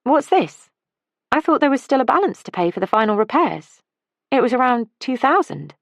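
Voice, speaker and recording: Woman reading an earnest young woman, insistent, higher voice, dry sound. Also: very animated, moderate pace, gravelly, no room sound, heavily acted.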